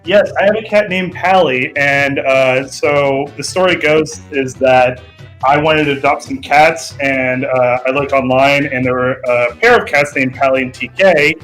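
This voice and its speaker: A man's voice: mid-range voice, unhurried, fairly bright tone, soft background music, low-quality recording. A man in a casual livestream chat who tells a story hesitantly, with many fillers.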